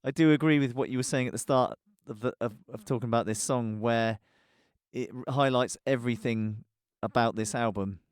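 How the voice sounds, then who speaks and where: A man's voice: mid-range voice, brisk, smooth, no echo, studio quality. A man co-hosting a music podcast in casual chat, telling anecdotes with frequent restarts. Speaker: podcast co-host.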